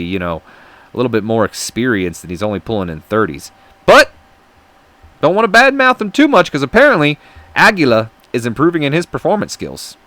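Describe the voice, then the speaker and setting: A man's voice: medium pitch, a bit bright, no room sound. A man hosting a wrestling game playthrough in chatty, self-deprecating, rambling casual commentary. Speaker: let's-play host.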